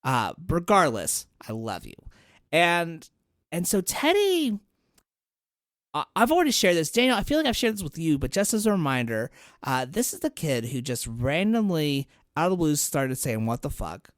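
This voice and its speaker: A man's voice: fairly high pitch, moderate pace, no room sound. A man in his thirties chatting on a podcast, telling stories with big swings in his voice. He swears freely and sounds close and dry. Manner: animated storytelling, swears freely. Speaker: podcast guest. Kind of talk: casual podcast chat.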